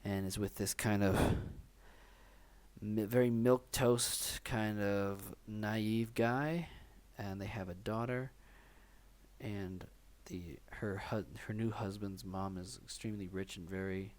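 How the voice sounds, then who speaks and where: A man with a lowish, steady, slightly mellow voice speaks slowly as a co-host on a film podcast. His casual chat rambles loosely and is packed with fillers.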